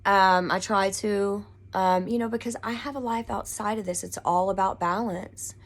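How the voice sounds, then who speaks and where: A woman's voice: medium pitch, fairly even intonation, moderate pace. A woman from Texas, talking casually to camera from her living room, rambling earnestly with many fillers. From Pasadena, Texas, USA. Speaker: occult vlogger. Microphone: camera mic.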